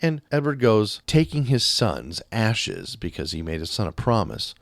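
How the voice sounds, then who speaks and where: Brief: male podcast film reviewer, lowish voice, dry close sound, animated and profane. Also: unhurried, few pauses, no echo. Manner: animated, acts out characters and swears freely. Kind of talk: casual spoken film review.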